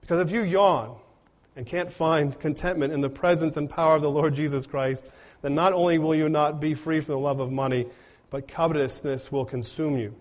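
A man's voice: a little high, steady tone, moderate pace. A man preaching a sermon in an earnest way, often putting rhetorical questions to his congregation. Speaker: pastor.

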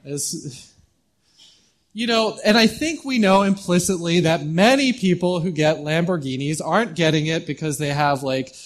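A male pastor preaches in a church hall, his voice slightly higher than the usual male range. He keeps it conversational and loose, doubling back on words as he restarts. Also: animated, moderate pace. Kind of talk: sermon.

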